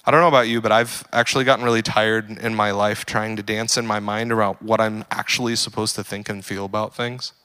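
A young adult man preaching a casual sermon, joking and full of fillers, building to animated emphasis. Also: fairly low pitch, fairly quick, hardly any pauses, clean tone. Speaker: pastor.

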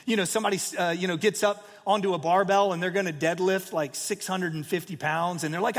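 A man in his forties delivers a sermon in a loose, storytelling style, leaning on "you know" and "like." His voice sits fairly high for a man. The sound carries a long reverb, as in a large hall. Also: fairly quick. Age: 40s. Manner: storytelling, conversational with many fillers. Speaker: pastor.

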